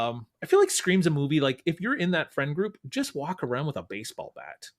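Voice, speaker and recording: A man's voice: a little high, huge pitch swings, fairly quick, no echo, studio quality. Rambling male podcast host. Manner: loose, rambling with filler words. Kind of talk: casual podcast chat.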